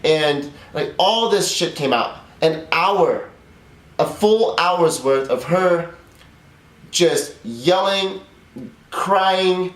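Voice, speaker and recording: A man's voice: sits high, lively intonation, drawn-out words. A man in his thirties co-hosting a casual podcast, telling a long personal story in a candid, rambling way with some swearing. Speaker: podcast co-host. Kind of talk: casual conversation. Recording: roomy echo.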